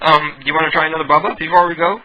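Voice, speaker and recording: A man's voice: a little high, little pitch movement, racing, highs cut off. A man hosting a radio call-in show from home, chatting casually and laughing often.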